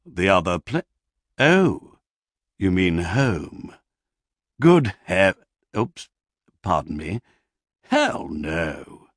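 A man doing a suave, low-voiced gentleman devil. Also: very animated, very slow, long pauses, no echo, clean studio sound, exaggerated voice. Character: suave, dignified male devil, gentlemanly and scheming.

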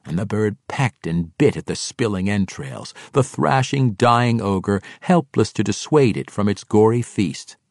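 A man's voice: on the low side, a little slow, gravelly, hardly any pauses, no room sound, clean studio sound. A man narrating a fantasy audiobook with dramatic, vivid storytelling.

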